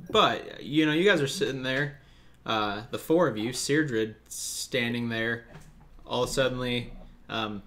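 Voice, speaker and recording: Bright-voiced man running the game. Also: medium pitch. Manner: many ums and restarts. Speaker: dungeon master. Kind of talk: narrating a tabletop game.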